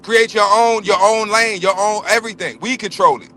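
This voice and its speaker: Man, blunt and profane, ranting hard on a livestream call; high, bright, hammering his points. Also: steady tone, moderate pace. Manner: profane, blunt, emphatic, repeats himself. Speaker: livestream panelist. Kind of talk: heated casual rant. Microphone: remote livestream call.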